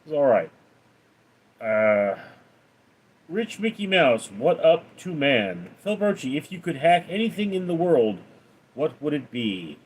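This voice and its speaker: A man hosting a livestream, reading viewers' names and questions in a raised voice, then answering them flatly. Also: unhurried, pauses often, breathy edge. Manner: reads donor names and questions aloud in a lively raised voice, then answers flat and low. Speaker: livestream host reading chat. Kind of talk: casual livestream Q&A.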